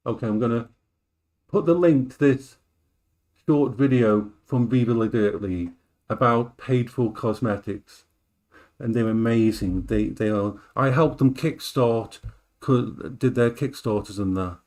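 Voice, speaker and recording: A man's voice: medium pitch, a little slow, a little mellow. A man streaming live while he cooks, chatting casually, rambling and repeating himself as he moves around the kitchen.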